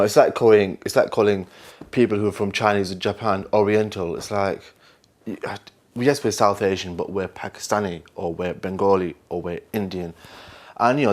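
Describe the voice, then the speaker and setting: A young man with a Lancashire accent talks through his memories in an unscripted interview. His voice sits very low. He rambles, mocks himself and slips into other people's voices as he tells his stories. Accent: Northern English, Lancashire. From England, Burnley. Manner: rambling, self-mocking storyteller with laughs and mimicry. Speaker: actor interviewee.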